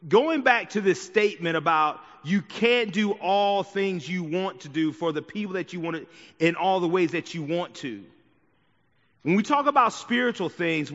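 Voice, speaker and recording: Pastor, male, bright forceful voice, casual preaching style, church hall echo, slightly dull recording. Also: sits high. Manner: conversational preaching with frequent "right?" and "okay?" asides. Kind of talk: sermon. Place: church sanctuary. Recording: dull sound with long hall reverb.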